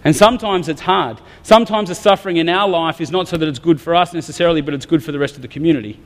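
A man's voice: on the high side, rapid-fire. An Australian man preaching a sermon, talking candidly and conversationally with some humor. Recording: long reverb of a large hall.

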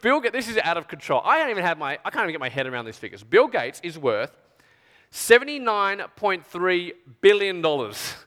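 A man giving an animated storytelling talk to an audience, full of chatty asides. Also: high voice, a little fast, big-room sound. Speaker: speaker addressing an audience.

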